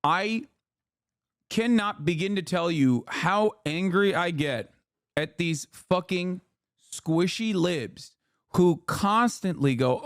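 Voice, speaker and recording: Man, live stream commentator, high voice, dry close sound, heated profane rant. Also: lively intonation, slow pace, no echo. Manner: mocking quoted voices.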